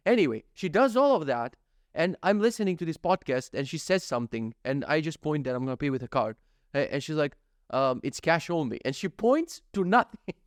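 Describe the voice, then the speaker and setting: Vlogger, male, 30s, slightly high voice, profane and animated storyteller, dry close recording. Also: brisk, no room sound. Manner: animated, profane, acts out his own thoughts and quotes. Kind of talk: casual storytelling monologue.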